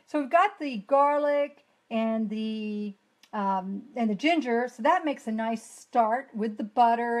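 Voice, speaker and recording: Southern lady doing a live cooking stream in her kitchen, kinda high voice, chatty, talks to the comments. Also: noisy background. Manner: chatty, friendly, reads viewer comments aloud while cooking. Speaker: cooking demo host. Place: home kitchen.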